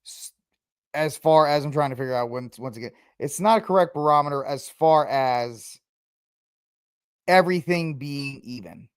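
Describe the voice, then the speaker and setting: A man hosts a solo podcast in an easy, offhand way. He rambles, stops to think out loud, and fills the gaps with ums and uhs. His voice sits in a middle pitch and the sound is close and dry, with no room around it. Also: normal speed, smooth, no room sound. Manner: rambling, thinks aloud with many fillers and restarts. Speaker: podcast host. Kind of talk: casual solo commentary.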